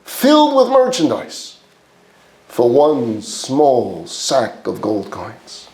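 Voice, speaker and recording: A man's voice: mid-range voice, huge pitch swings, extremely slow, a little mellow, full character voice. A man playing a pushy coaxing salesman. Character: hungry pushy male salesman. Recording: roomy echo.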